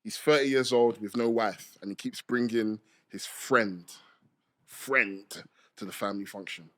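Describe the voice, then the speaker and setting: A man co-hosting a podcast, running a promo game and reading out scenarios in a relaxed, plain way. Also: lowish voice, a little slow. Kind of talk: casual podcast chat.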